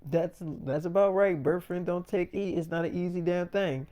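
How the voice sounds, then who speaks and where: A man's voice: high-pitched, steady tone, moderate pace, warm tone, voice pushed up, lightly acted. A man quoting a playful young actress. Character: young woman, a busy, playful film actress.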